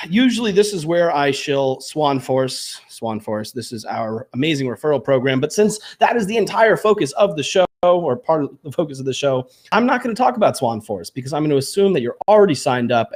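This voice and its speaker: A man's voice: a little high, big pitch swings, a little fast. Male podcast host, upbeat, jokey, self-deprecating. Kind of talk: enthusiastic show intro and casual chat.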